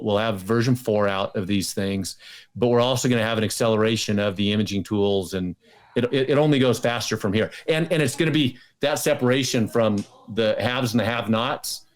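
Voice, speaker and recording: A man as a guest in an interview, talking casually and eagerly, often restarting and repeating words. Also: on the low side. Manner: enthusiastic, many restarts and repetitions.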